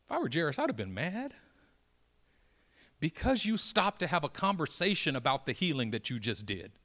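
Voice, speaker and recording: A man preaching a dramatic sermon, swinging from hushed lines to loud, building emphasis and acting out the voices of Bible characters. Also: a little high, sing-song, moderate pace. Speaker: pastor.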